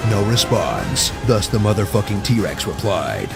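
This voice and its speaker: Gravelly man narrating mock-epic. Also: lowish voice, sing-song, measured pace. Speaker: guest narrator. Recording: loud music under the voice.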